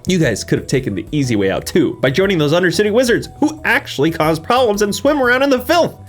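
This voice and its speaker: A man's voice: high-pitched, big pitch swings, quick pace, faint music behind. A man voicing a blunt, loyal male companion in a game playthrough. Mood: resolute.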